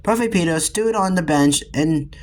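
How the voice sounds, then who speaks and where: A man's voice: on the high side, moderate pace, slight background noise. A man reading a children's storybook aloud, often stumbling and restarting words.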